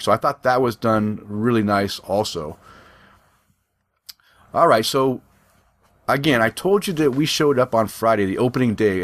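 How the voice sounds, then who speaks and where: A middle-aged man chatting casually as a podcast co-host, rambling and conversational, often restarting his sentences. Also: medium pitch. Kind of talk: casual chat.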